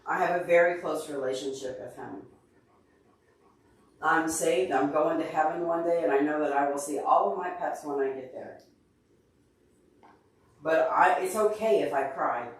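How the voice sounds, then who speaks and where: An upset, teary man talks earnestly and openly to his livestream viewers, calling them by name. His voice sits a little high for a man. He is well away from the microphone in a strongly echoing room. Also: normal speed, long pauses, slight background noise. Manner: emotional, earnest, openly tearful. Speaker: livestream host answering chat. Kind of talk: casual livestream chat. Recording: very echoey room, far from mic.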